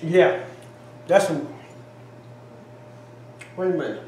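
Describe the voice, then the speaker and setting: A man's voice: fairly high pitch, animated, slow, a little mellow, slight background noise. A man co-hosting a home cooking taste test, exclaiming and chatting folksy in a kitchen. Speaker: cooking channel co-host. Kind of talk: casual taste-test chat. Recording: echoey kitchen, faint ambience.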